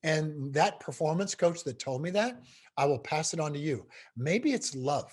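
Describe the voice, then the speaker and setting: Middle-aged man, husky voice, lively pitch, animated storytelling, video call. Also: normal speed. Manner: animated, building intensity. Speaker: guest speaker. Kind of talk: storytelling interview answer.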